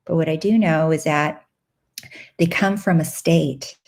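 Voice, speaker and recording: A woman's voice: a little slow, creaky. Bubbly woman hosting a live Q&A. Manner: bubbly, animated, with squealing excited highs. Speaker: live Q&A host and coach. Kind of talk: casual live-stream chat.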